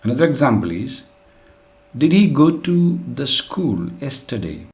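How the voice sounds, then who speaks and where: A man's voice: medium pitch, very animated, a little slow. A man teaching an English grammar lesson, explaining rules patiently and step by step with plenty of example sentences.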